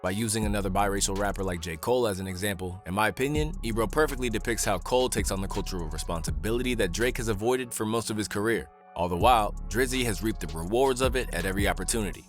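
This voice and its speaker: A man reads a scripted commentary at a quick clip. His voice sits a little low, and he builds his case in a brisk, measured way. Soft music runs underneath. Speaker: channel narrator.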